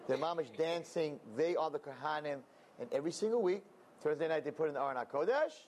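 A man preaching by telling a story, animated and acting out the characters' voices. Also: fairly high pitch, fast, slight background noise. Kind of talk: sermon storytelling.

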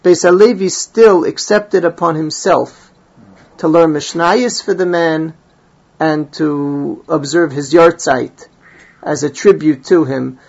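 A man's voice: a little high, slow pace, vocal fry, darkish tone, dull audio. A man teaching a Talmud class, reading Hebrew and Aramaic phrases and explaining them in English.

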